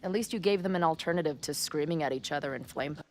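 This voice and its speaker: A woman voicing a calm, curious young woman asking questions in a video game. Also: low-pitched, quick pace, soft background music. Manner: even, questioning.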